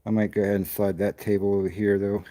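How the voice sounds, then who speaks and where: A man with a lowish, dark voice speaks fast and flatly in a paranormal investigation vlog. Out of breath, he rambles and interrupts himself while talking casually to the camera.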